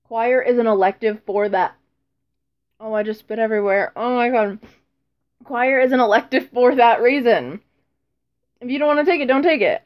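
A woman's voice: on the high side, normal speed, pauses often, dull audio. A teenage girl chatting casually in a vlog, rambling and self-deprecating, with frequent ums and laughs. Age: teens. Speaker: vlogger.

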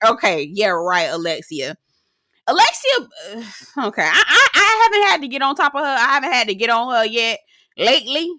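A woman's voice: fairly high pitch, big pitch swings, bright, forceful tone, no echo. A woman hosting a casual reality TV recap, sassy and dramatic, swearing freely and mimicking the cast. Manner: sassy, dramatic, profane, quick mimicry of others.

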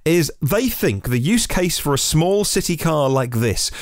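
A man hosts a daily news podcast, moving through stories with a lively, wide-ranging pitch. He adds chatty asides as he reads. The sound is dry and close, with no room echo. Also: unhurried. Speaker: podcast host.

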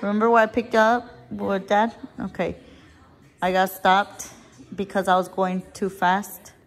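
A woman's voice: mid-range voice, flat delivery, unhurried. A woman telling a story to the camera as a family vlogger, chatty and emotional, with some casual swearing, while she drives. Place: in her car while driving.

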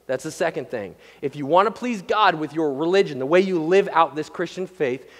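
Pastor guy preaching, chatty and jokey, stumbles over his words a lot, pitch a bit high, big echoey church hall. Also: animated, a little fast, a bit bright. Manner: conversational, joking, many restarts and stammers. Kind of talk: sermon. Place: church sanctuary. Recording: long hall reverb.

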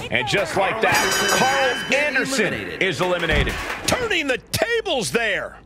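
A man's voice: high voice, wildly swooping pitch, unhurried, loud music behind the voice. A man doing play-by-play wrestling commentary for a video game, exclaiming at big moves.

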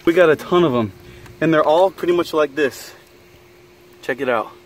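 A man hosting a casual outdoor fishing vlog by a pond, excitable and laughing a lot. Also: on the high side, normal speed, poor audio. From South Florida. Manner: excitable, laughs and yelps often. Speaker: fishing vlogger host.

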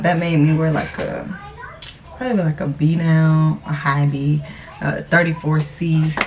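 A woman's voice: low-pitched, fairly even intonation, takes it slowly. A young woman vlogging casually on her phone, blunt and cussing freely. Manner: blunt, cusses freely, groans in pain. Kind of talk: casual confessional vlog. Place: car, then indoors at home. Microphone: phone camera. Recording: noisy phone recording.

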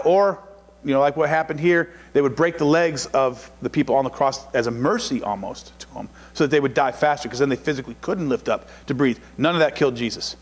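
A man preaching a sermon as pastor, building to loud, repeated emphatic lines and reading scripture slowly and deliberately. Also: on the high side, in a large hall. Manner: preaching with rising shouted emphasis and repetition.

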